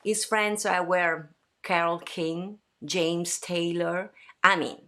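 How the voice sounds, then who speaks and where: Italian lady hosting a home livestream, lowish voice, chatty, lots of uhs and restarts. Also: slow. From Italy. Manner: chatty, lively, with many fillers and restarts. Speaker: host. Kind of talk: livestream chat. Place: her home.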